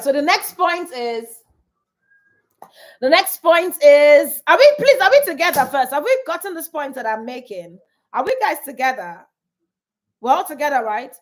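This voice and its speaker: A woman coaching couples on a live stream, animated and repeating her points to the audience. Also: high-pitched. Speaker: relationship coach.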